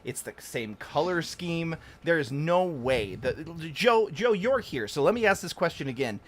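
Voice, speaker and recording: A man hosting a casual live-stream chat, excitable and laughing often, moving from loud cheers to quiet asides. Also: on the high side, unhurried. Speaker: podcast host.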